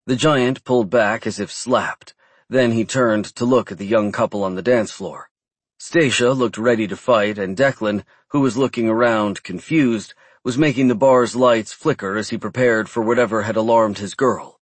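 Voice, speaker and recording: Male narrator reading a fantasy book, husky, dry close sound. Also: lowish voice, moderate pace, no echo. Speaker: audiobook narrator. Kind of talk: scripted narration.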